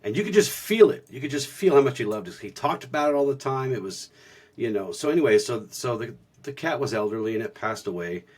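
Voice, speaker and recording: Husky male co-host, mid-pitched, earnest and reflective; often restarts his sentences. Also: big pitch swings, fast, darkish tone. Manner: earnest storytelling with many restarts. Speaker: podcast co-host. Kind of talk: reflective casual talk on spirituality.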